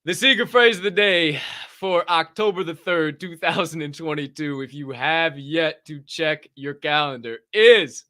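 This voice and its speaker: A young man hosting a livestream podcast, loud and joking, swearing freely and laughing at himself. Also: fairly high pitch, measured pace, dry recording, studio quality. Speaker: podcast host. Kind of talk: loose, profane livestream chat.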